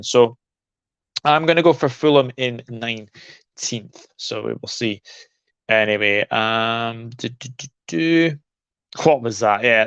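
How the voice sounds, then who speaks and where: A man's voice: fairly high pitch, fairly bright tone, clear, resonant tone, no room sound, dull audio. Chatty man hosting a football stream. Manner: chatty and opinionated, addresses viewers by name. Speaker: football channel host. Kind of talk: casual livestream commentary reading chat.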